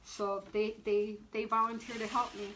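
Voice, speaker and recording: A woman's voice: medium pitch, level tone, normal speed, fairly bright tone, slight background noise, low-quality recording. A middle-aged woman and shop owner demonstrating wreath making on a live stream, chatting, laughing and greeting viewers by name as she works.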